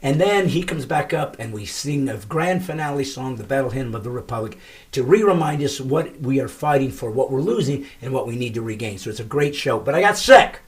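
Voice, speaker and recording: A middle-aged man hosting his comedy podcast, telling stories with emphatic, shouted punchlines. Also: mid-range voice, brisk. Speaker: comedian host. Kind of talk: comedic podcast monologue and banter.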